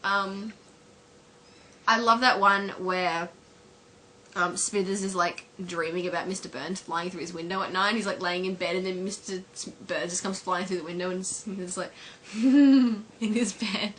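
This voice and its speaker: A woman's voice: fairly low pitch, level tone, normal speed, bright, forceful tone, a little hiss or hum. A woman vlogging at home while her sister films her, chatting and giggling as she retells favourite scenes, with lots of fillers.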